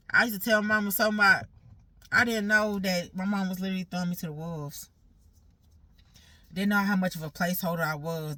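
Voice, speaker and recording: A woman talks through a raw personal monologue in a bright, forceful voice. She is blunt and profane, circling back to repeat her points, and sounds hurt. The sound is close and dry. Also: fairly low pitch, no room sound.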